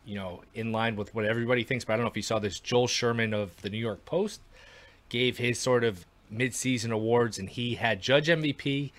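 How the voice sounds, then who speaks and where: A man hosts a casual sports podcast and puts questions to his guest. He speaks in a measured way and hedges his claims as he goes. His voice is at an ordinary middle pitch. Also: fairly bright tone. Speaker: podcast host.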